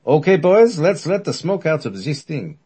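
A maniacal male scientist with a thick German accent, shouting commands up in a strained high register. A man with a husky voice acts him out. He lectures and bellows with wild glee. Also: big pitch swings, moderate pace. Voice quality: loud, barking, maniacal.

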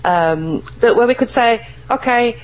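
A woman's voice: on the low side, moderate pace, poor audio. A woman talking earnestly and emphatically as an interview guest, often restarting her sentences. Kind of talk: casual interview talk.

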